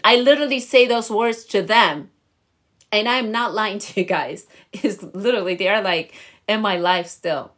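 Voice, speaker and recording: A woman's voice: mid-range voice, normal speed, fairly bright tone. A young woman vlogger talking earnestly and emotionally, encouraging her viewers in a motivational chat. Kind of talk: motivational vlog talk.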